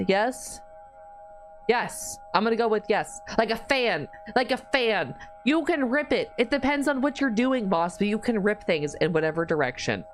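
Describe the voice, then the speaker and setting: A woman streamer chatting casually during a live game stream, swearing freely as she banters with her chat. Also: fairly high pitch.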